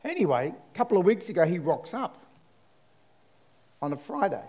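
A man's voice: high-pitched, sing-song, moderate pace, warm tone, husky. An Australian man, a church leader, telling a personal story as a testimony, his voice rising and dropping as he goes.

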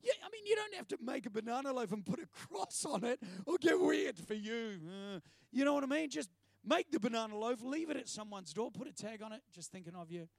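A man's voice: very high voice, a little fast, gravelly, no echo. A man preaching a sermon, telling stories with jokey asides. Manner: storytelling, animated, jokey asides. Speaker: preacher and TV presenter.

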